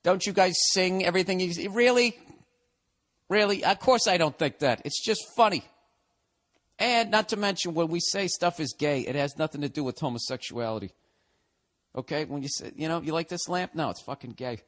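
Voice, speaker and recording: A man's voice: fairly high pitch, lively intonation, brisk, fairly bright tone. A man in his forties from the United States, hosting a podcast, reading a listener's email aloud and ranting back at it in a profane, sarcastic way. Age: 40s. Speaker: podcast host.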